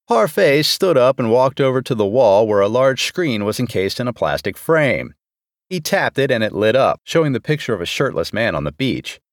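A man with a mid-range voice narrates a story aloud at a moderate pace, in an expressive audiobook style. The sound is clean studio audio with no room sound.

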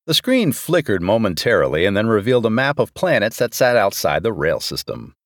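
Guy reading a story out loud, lively pitch, super dry close sound. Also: fairly quick, hardly any pauses, no echo. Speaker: narrator. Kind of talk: audiobook narration.

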